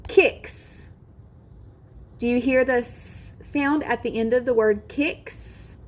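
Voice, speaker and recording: A woman teaching a phonics lesson to children, slowly modelling each word sound and encouraging the listener. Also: fairly high pitch, fairly even intonation.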